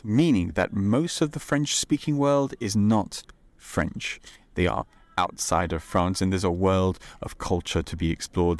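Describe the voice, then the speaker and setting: A man hosting a podcast lesson, relaxed and playful, modeling phrases slowly for listeners to repeat. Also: lowish voice, no room sound. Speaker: podcast host and French teacher.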